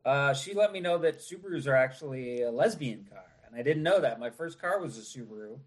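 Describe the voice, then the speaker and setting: A man's voice: medium pitch, animated, a little fast. A man visiting a podcast as a guest, chatting in an easygoing way and laughing often. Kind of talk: casual chat.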